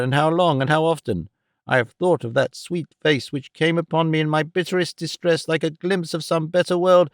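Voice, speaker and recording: A man's voice: fairly high pitch, no room sound, studio quality. A man voicing an impetuous young man in love, eager and vehement, firing questions.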